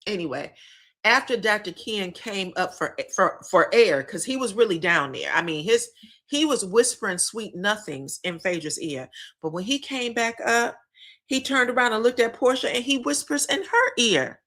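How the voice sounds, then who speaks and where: A woman with a bright, ringing voice talks through the latest reality TV drama in a loose, chatty way. She swears freely, laughs, and slips into quick impressions of the people she describes. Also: on the high side. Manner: animated, profane, laughs and mimics the people she talks about. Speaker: reality TV recap host. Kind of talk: casual gossip commentary.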